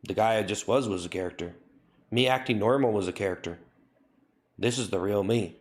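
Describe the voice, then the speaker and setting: Low-voiced man scolding his chat. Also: fairly quick. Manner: mock-stern, scolding, repetitive. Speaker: livestreamer. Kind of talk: comedic live stream reading chat.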